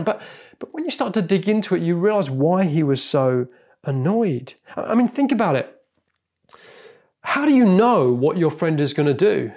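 Brief: male pastor, high voice, animated, earnest delivery. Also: moderate pace. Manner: earnest and animated, with frequent repeated words. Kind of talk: sermon.

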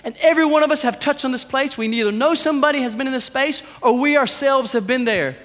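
A man preaching a sermon, asking rhetorical questions and swinging between loud urging and hushed intensity. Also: very high-pitched, fast talker, in a large hall.

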